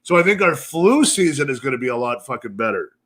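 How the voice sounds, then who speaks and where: A Canadian man co-hosting a podcast, rambling and swearing loudly through casual banter. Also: medium pitch, sing-song, fast. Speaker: podcast co-host. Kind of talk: casual profane chat.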